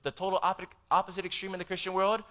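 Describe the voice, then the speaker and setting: A man preaching a sermon, emphatic and urging the congregation to say amen, swinging between loud and soft. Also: high voice, completely flat delivery, fast.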